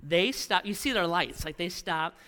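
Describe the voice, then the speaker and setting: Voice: medium pitch, animated, normal speed, bright, forceful tone, big-room sound. A pastor preaching a sermon, telling a story with repeated phrases and frequent "right?" tags.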